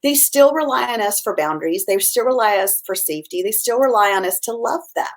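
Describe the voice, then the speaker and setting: A middle-aged woman parenting coach chatting casually, lively and acting out quoted dialogue in changing voices. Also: mid-range voice, quick pace. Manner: animated, acts out quoted dialogue in shifting voices. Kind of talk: casual chat.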